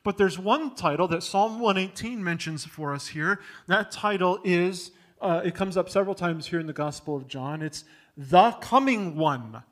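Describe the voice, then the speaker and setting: Male pastor, high voice, emphatic sermon delivery with loud peaks and quiet drops. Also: moderate pace.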